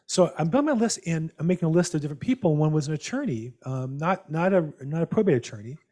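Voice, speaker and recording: Man, host, video call, animated rambling anecdotes, fairly high voice. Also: fast talker. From United States. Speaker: host of a real estate mastermind call. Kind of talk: casual storytelling on a video call.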